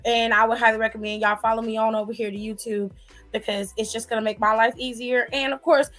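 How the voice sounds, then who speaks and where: Chatty high-voiced woman streamer. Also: a bit bright. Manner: chatty and playful, calls viewers honey and child. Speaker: host of a live stream. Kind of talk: casual live-stream chat, reading comments.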